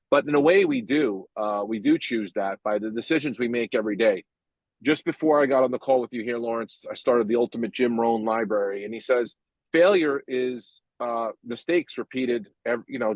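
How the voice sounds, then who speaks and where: A man's voice: mid-range voice, dry recording, low-quality recording. A man earnestly telling a personal story over a call from a parked car. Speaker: guest. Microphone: phone call from a parked car.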